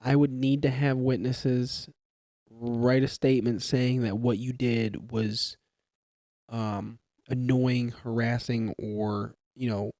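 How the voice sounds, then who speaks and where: Young man, mellow dry voice. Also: mid-range voice, flat delivery, slow pace, no echo. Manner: explains with examples, many fillers and restarts. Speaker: police trainee or new officer. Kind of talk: casual podcast chat. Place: podcast studio in a garage. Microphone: studio mic.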